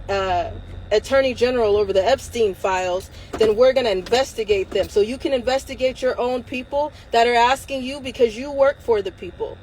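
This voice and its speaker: Woman with a high voice, furious and emphatic, delivering a livestream rant into her phone. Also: darkish tone, a little hiss or hum, poor audio. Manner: angry, emphatic, swearing. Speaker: livestream host.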